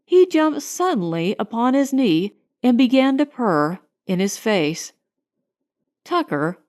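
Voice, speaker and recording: A woman narrating a light romantic comedy audiobook in an expressive, unhurried storytelling manner. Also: a little high.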